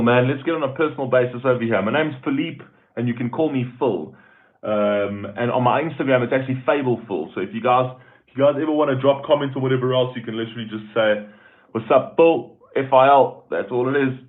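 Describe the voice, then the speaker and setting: A man's voice: medium pitch, brisk. A man with a South African accent hosting a casual live stream, chatting loosely and greeting viewers by name as he reads their comments. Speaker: YouTube host reading live chat. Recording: tinny phone-like audio.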